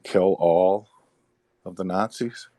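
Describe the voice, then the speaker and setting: Man, middle-aged, very deep voice, rambling casual talk, repeats himself, dry close sound. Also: steady tone, slow, warm tone, dry recording. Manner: rambling, repeats words, sighs. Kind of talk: casual chat.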